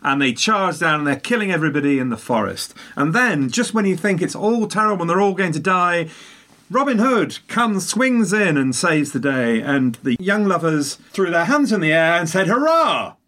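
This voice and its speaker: A man chatting casually, telling a long story with animated asides and tangents. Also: a little high, normal speed, hardly any pauses. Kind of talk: casual chat.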